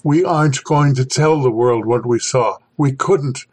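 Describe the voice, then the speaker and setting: A man voicing a terrified male polar explorer who speaks in a hoarse, pleading, urgent way. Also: mid-range voice, a little slow, a little mellow, close to an everyday voice. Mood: grim urgency.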